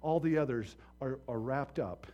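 A man preaching a sermon as pastor, impassioned and swinging from hushed to loud, acting out voices in his stories. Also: mid-range voice, moderate pace, dull audio.

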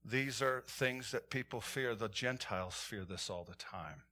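Preaching to his church, this pastor delivers animated stories and moves between loud calls and quiet, hushed points. He speaks at a medium pitch and an unhurried pace.

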